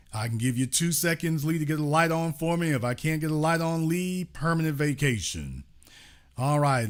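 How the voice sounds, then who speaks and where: A man hosting a call-in show, speaking, mocking and exasperated, swinging between loud jabs and low mutters. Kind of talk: heated call-in commentary.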